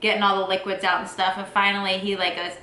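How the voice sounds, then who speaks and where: A woman casually telling a story with her partner, animated and acting out quotes in high squeals. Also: fast talker. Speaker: vlogger, partner of the mother. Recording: echoey room.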